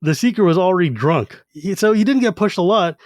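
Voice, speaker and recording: A podcast co-host, animatedly retelling a novel and acting out its voices. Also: male voice, sits high, animated, a little fast, no echo, clean studio sound. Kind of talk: casual chat.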